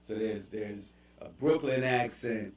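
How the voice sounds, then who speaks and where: A man with a Baltimore accent hosting a casual chat, telling animated stories with quick asides. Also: fairly low pitch, distant mic. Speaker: podcast host. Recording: echoey room, voice off mic.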